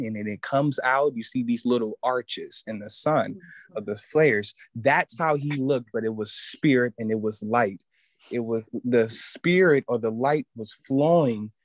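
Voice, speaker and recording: A man sharing a personal religious testimony in an earnest, halting way, often restarting as he looks for words. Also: mid-range voice, no room sound. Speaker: student giving testimony.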